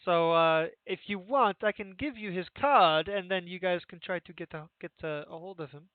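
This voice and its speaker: A man running a tabletop game as game master, explaining in a relaxed, rambling way with many fillers. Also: high voice, moderate pace, no room sound. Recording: tinny dry phone-like line.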